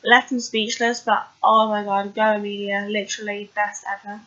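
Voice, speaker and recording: A woman's voice: mid-range voice, little pitch movement, moderate pace, a bit bright. A woman chatting casually through a TV episode recap, rambling with lots of fillers. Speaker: TV recap vlogger. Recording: dull lo-fi recording.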